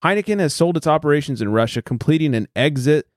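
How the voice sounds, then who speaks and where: A man's voice: fairly high pitch, expressive, quick pace, dry recording, clean studio sound. A man hosting a casual podcast, reading beer news headlines aloud and joking about them. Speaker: podcast host.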